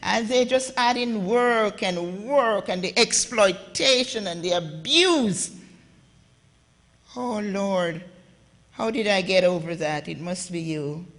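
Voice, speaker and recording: A woman's voice: mid-range voice, lively intonation, a little slow, few pauses, a bit bright. A woman from Jamaica with a Jamaican accent, giving an impassioned talk at a conference and speaking straight to the audience. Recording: echoey hall with long reverb.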